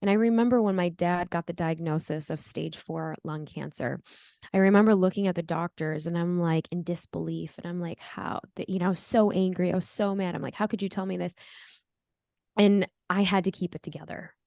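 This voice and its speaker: A woman's voice: on the low side, brisk, vocal fry, a little mellow, no room sound, studio quality. Earnest, reflective woman podcast guest. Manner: earnest, reflective, acts out her own past voice. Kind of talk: candid interview storytelling.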